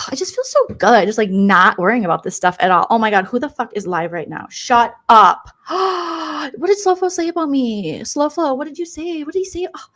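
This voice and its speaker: A woman's voice: fairly high pitch, big pitch swings, moderate pace, fairly bright tone. A woman doing a comedic impression of a catty, self-absorbed 54-year-old female streamer, rambling and gossipy with valley-girl fillers. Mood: gossipy rant.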